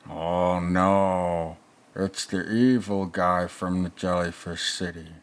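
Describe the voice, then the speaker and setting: A man's voice: deep voice, flat delivery, slow pace, clear, resonant tone. A man playing a crude, rambling older male movie reviewer who mutters sarcastic asides in a comedic reaction commentary.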